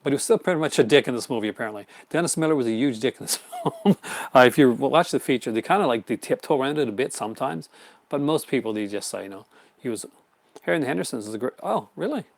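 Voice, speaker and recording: A man's voice: mid-range voice, lively intonation, fast talker, gravelly, no room sound. A man hosting a casual live stream, rambling enthusiastically about his horror film collection, with many fillers and restarts. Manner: answers viewer chat comments.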